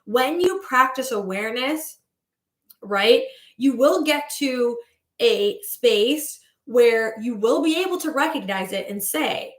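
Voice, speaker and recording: A woman's voice: fairly high pitch, expressive, slow, roomy sound. A woman manifestation coach in a breezy, chatty livestream talk, greeting viewers as she goes.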